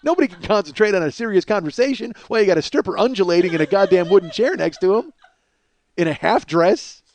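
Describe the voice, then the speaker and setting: A man in his forties with a hoarse voice, hosting a comedic solo podcast in a rambling, profane, self-mocking way, in his home kitchen. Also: high-pitched, animated, quick pace, a little mellow, a little hiss or hum. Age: 40s. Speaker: podcast host.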